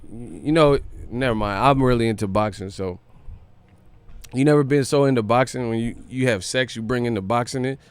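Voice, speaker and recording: A man's voice: medium pitch, moderate pace, clear, resonant tone, no room sound. Slangy, profane male stream host. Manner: slangy, profane, laughs often. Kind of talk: livestream commentary.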